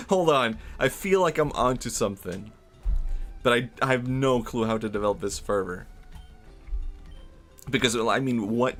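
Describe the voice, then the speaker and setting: A man's voice: lowish voice, fairly bright tone. A man streaming a game and chatting casually, rambling and giggling through playful, absurd tangents. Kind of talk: casual gameplay commentary.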